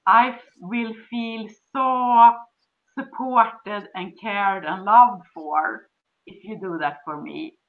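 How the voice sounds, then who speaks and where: A woman's voice: mid-range voice, slow pace. A woman with a Swedish accent, a relationship coach, explaining step by step and acting out sweet dialogue. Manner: acts out dialogue with sweet cooing voices. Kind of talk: instructional conversation. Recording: dull lo-fi sound.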